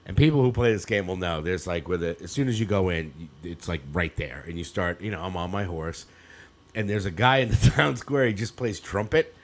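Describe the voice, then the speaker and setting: A man in his fifties with a low voice talks a little fast. Co-hosting a podcast, he tells rambling stories in casual conversation and laughs a lot.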